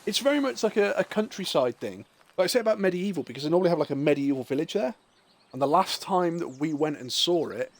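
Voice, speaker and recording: A man, chatting casually and rambling while streaming a puzzle game. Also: on the high side. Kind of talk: casual gameplay chat.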